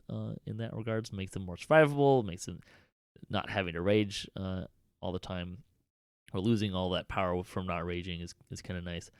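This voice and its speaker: A man's voice: lowish voice, dry recording, studio quality. A man hosting a casual podcast roundtable, talking with many ums and restarts. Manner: hesitant, many fillers and restarts. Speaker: podcast host.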